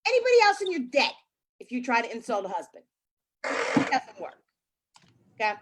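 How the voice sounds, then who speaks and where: A woman's voice: fairly high pitch, wildly swooping pitch, normal speed, noisy background. A woman comedian doing a brash stand-up set about family life, with crude punchlines.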